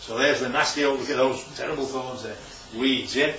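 Brisk and steady, a preacher with a medium-pitched, bright, forceful voice leads a small church group through Bible study, asking questions nonstop with jokey asides. The lo-fi recording is distant, roomy and dull, with a bit of hiss or hum.

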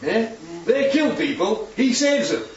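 A man's voice: high-pitched, very animated, a little slow. A man giving an informal Bible teaching talk, chatty and full of tag questions. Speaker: preacher teaching from slides. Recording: echoey room, distant dull mic, faint hum.

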